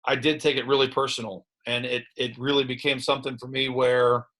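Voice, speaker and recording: A man in his thirties with a Midwestern American accent speaks with a bright, forward voice. He is a high school football coach looking back in an interview, halting and candid, full of restarts and fillers. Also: little pitch movement. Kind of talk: reflective interview talk.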